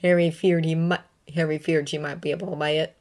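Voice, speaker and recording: A woman with a fairly low voice reads a story aloud. Her narration is emotive, rising and falling in pitch as the feeling of the text shifts. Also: little pitch movement, fast talker, darkish tone. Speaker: reader. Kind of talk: emotive reading of a fanfiction story.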